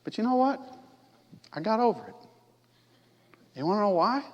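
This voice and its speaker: A man's voice: high-pitched, sing-song, moderate pace, darkish tone, muffled recording. Reverberant conversational preacher, a man. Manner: conversational, asks the congregation questions. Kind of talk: sermon. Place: church sanctuary. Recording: long church reverb.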